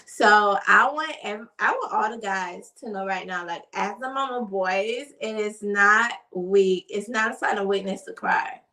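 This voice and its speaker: A woman's voice: medium pitch, unhurried, few pauses, pushed and bright, distant mic, poor audio. A woman and mother of three, talking earnestly and casually, repeating phrases with lots of fillers. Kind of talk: casual talk to camera.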